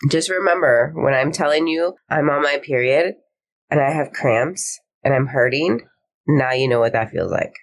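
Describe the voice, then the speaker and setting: A woman's voice: sits low, normal speed. A woman co-hosting a casual podcast, talking bluntly with lots of swearing and frequent laughs. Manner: blunt, profane, laughs often. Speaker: podcast co-host. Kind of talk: casual chat.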